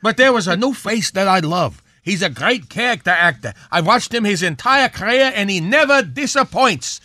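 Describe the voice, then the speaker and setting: An actor playing a crude, grumbling elderly rabbi who fires off Yiddish-laced wisecracks in a radio comedy sketch. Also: male voice, high voice, lively intonation, moderate pace, sharp tone, dry recording, studio quality. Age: older. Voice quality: kvetching, wisecracking, Yiddish-peppered. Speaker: comedy character on morning radio.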